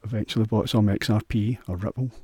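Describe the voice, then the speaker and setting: A man's voice: on the low side, fairly even intonation, fast talker, a little mellow, husky, no room sound, studio quality. A man with a Scottish accent hosting a solo podcast, rambling in a crude, sweary, offhand way. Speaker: podcast host.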